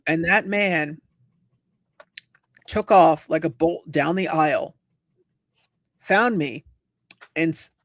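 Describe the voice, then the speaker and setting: A man chats casually on a home livestream, spinning long anecdotes and acting out each person in them. His voice has a gravelly fry. The sound is dry and close, with no room echo. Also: a little high, slow, pauses often, a bit bright. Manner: rambling storyteller, acts out quoted voices. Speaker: livestream host. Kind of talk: casual chat.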